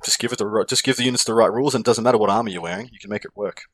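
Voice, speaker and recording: A man with an Australian accent, co-hosting a casual gaming chat, animated and jokey. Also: lowish voice, slightly rough, no room sound. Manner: animated, jokey, quick to laugh. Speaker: podcast co-host.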